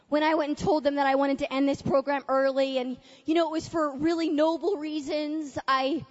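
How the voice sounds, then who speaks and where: A woman speaking at a conference, telling a personal story in an animated way and acting out her own past thoughts. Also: high-pitched. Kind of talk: testimony-style talk to a conference audience. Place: large conference hall. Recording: dull lo-fi capture in a large reverberant hall.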